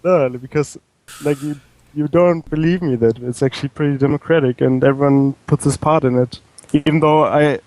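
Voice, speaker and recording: A man's voice: a little high, brisk, no echo, low-quality recording. A young man from Denmark, a pro gamer guest, answering questions hesitantly with many fillers. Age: young adult. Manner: hesitant, relaxed, filler-heavy.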